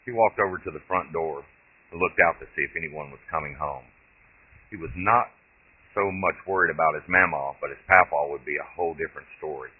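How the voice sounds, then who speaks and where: A man, the author, reading his own short story aloud in steady, plain storytelling. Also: very deep voice, fairly quick, slightly rough. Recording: tinny lo-fi phone-like audio.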